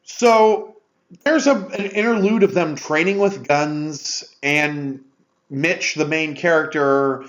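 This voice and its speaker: A man's voice: fairly high pitch, takes it slowly. A man co-hosting a podcast, sarcastically retelling a movie's plot in casual chat. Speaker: podcast co-host. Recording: dull lo-fi sound.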